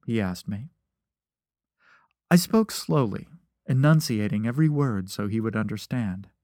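A man's voice: lowish voice, moderate pace, darkish tone, no room sound. A man reading a first-person story aloud, with a dry, wry narrating manner.

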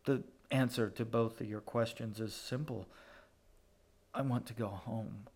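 Cold, measured male villain, soft-spoken and clipped, read by a male narrator. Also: medium pitch, fairly even intonation, natural voice. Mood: quiet menace. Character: cold, calculating man, quiet and menacing.

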